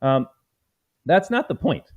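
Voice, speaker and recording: A man's voice: a little high, sing-song, slow pace. A man hosting a live political commentary stream, talking in an emphatic, combative way and calling his viewers folks. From United States. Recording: slightly dull lo-fi stream audio.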